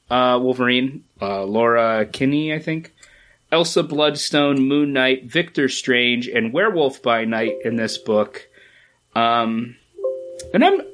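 Man, casual podcast co-host, lively up-and-down pitch, slight cough, rambling. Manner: relaxed, rambling with fillers. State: coughing, getting over a cold. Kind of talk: casual chat about comics.

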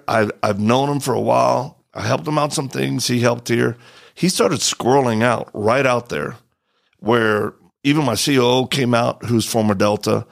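There's vocal fry in this medium-pitched male voice. A middle-aged man hosting a podcast animatedly narrates a story during casual chat, giving each quoted speaker a voice of his own.

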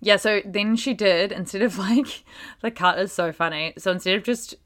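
A woman's voice: mid-range voice, moderate pace, fairly bright tone. A woman co-hosting a podcast, chatting in an amused, giggly way. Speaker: podcast co-host. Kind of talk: casual gossip chat.

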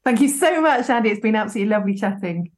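A woman's voice: medium pitch, expressive, very fast. A middle-aged woman presenting a chatty local radio show from the studio, bubbly and talkative. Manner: bubbly, chatty, warm asides. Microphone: studio microphone.

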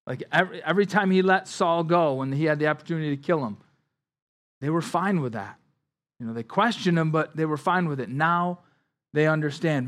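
A man pastor preaching a Bible-study sermon in a conversational way, dropping quiet on somber lines and rising on emphasis. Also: fairly quick. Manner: conversational preaching, with frequent "like" and "right?" asides and repeated words; drops his voice low and quiet on somber lines, rises louder on emphasis.

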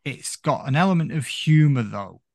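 Gravelly man rambling about films. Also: a little high, normal speed, no room sound, studio quality. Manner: rambling, hedging with "you know", animated. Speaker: podcast guest. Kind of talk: casual film chat.

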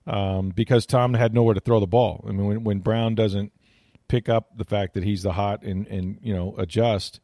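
Rambling low-voiced football analyst man. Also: steady tone, moderate pace, mellow, no room sound, clean studio sound. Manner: rambling, many fillers and restarts. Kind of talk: casual radio chat.

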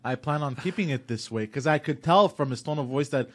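A man's voice: mid-range voice, brisk. Young man telling a rowdy story. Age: 20s. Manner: animated storytelling, acting out both sides with shouted outbursts. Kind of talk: casual chat.

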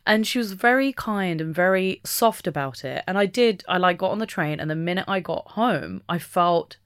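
A woman speaking as an interview guest, talking openly and reflectively, with the odd soft laugh. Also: lowish voice, animated, normal speed, smooth, no room sound, studio quality. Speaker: podcast guest. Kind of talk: candid conversational interview.

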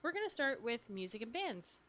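A woman's voice: fairly high pitch, very animated, a little fast, a bit bright. A young woman co-hosting a podcast in casual chat, rambling and laughing often. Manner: giggly, rambling with frequent ums. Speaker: podcast co-host.

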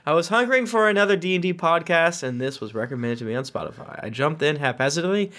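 A man's voice: fairly high pitch, lively intonation, quick pace, a bit bright. A man hosting a podcast, reading listener reviews aloud with joking asides. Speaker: podcast host.

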